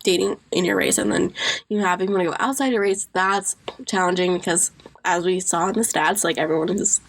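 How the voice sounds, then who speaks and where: A young woman co-hosting a podcast, telling dating stories in a casual, animated way with many "like"s. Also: lowish voice, fairly quick. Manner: animated storytelling, lots of "like". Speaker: podcast co-host. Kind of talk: casual chat.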